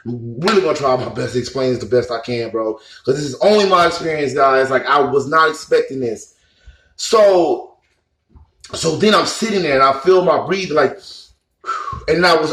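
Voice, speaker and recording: A man's voice: a little high, fairly bright tone. Earnest rambling man in echoey room. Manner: rambling, full of fillers and restarts; earnest, emotional. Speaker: vlogger. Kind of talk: casual personal storytelling.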